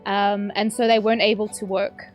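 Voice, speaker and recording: A woman's voice: medium pitch, flat delivery, normal speed, dull audio, faint music behind. A young woman streaming a game, chatting casually and ranting, with sudden yelps at the action. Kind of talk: casual live-stream chat while gaming.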